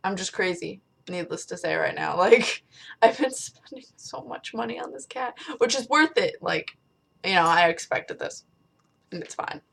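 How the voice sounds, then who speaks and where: A woman's voice: medium pitch, lively intonation, moderate pace, gravelly, fairly bright tone, breathy edge. A young adult woman chatting casually to her webcam from a small bedroom, rambling and swearing lightly. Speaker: vlogger. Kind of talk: casual chat to camera.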